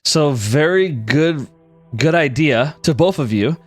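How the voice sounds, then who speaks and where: A man's voice: fairly high pitch, lively intonation, takes it slowly, soft background music. A man narrating as game master, casual and rambling. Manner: casual, rambling, self-deprecating.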